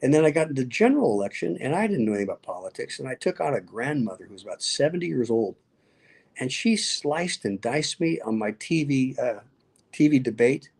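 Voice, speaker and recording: Gravelly-voiced man telling lively stories. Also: mid-range voice, a little fast. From Nevada. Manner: lively, acts out quoted voices, laughs often. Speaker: guest, pastor and speaker. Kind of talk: animated storytelling interview.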